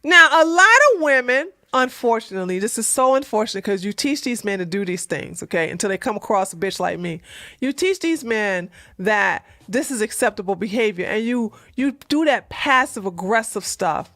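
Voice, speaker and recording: A woman's voice: mid-range voice, lively intonation, moderate pace, sharp tone, no echo, clean studio sound. A woman giving casual relationship advice to her viewers, blunt and emphatic, repeating her points in plain, slangy talk.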